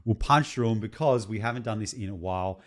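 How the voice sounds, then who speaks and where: A man's voice: fairly low pitch, quick pace. A young adult man, co-hosting a casual podcast chat and laughing often as he tells stories. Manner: animated, laughs often while telling jokes. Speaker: podcast co-host.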